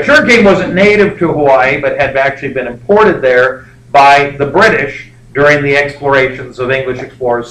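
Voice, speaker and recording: A man's voice: on the high side, a bit bright, far from the mic. Rambling, jokey male history teacher. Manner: rambling, jokey, many fillers. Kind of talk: classroom lecture. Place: classroom. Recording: echoey classroom, faint background noise.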